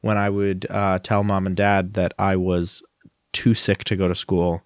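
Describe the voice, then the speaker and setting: A man's voice: deep voice, little pitch movement, measured pace, no echo, clean studio sound. A man in his thirties co-hosting a podcast, chatting casually with jokey asides and silly impressions. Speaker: podcast co-host. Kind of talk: casual chat.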